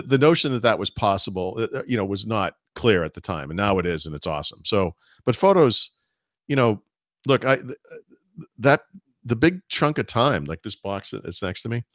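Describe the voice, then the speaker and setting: A middle-aged American man with a low voice talks through a casual podcast chat. He rambles and restarts often on a close, dry mic. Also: fairly bright tone, no echo. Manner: rambling, many restarts and asides. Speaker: podcast co-host.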